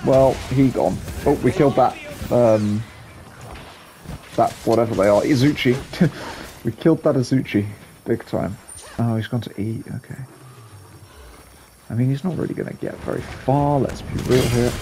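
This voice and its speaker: Young guy rambling thru gameplay, lots of ums, mid pitch, kinda gravelly. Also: normal speed, pauses often, dark tone, soft background music. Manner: rambling, hesitant, full of ums and musings. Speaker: gaming channel host. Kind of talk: casual gameplay commentary.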